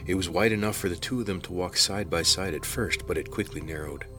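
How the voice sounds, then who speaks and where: A man reading a fantasy novel aloud in a measured, steady storytelling manner. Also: low-pitched, over music. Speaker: audiobook narrator. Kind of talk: scripted narration.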